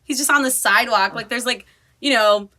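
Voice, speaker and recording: A woman's voice: on the high side, brisk. A woman on a podcast, chatting casually and acting out little scenes with lots of laughter. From Minnesota. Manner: animated, acts out her dog's voice with laughs. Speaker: podcast guest. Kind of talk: casual chat.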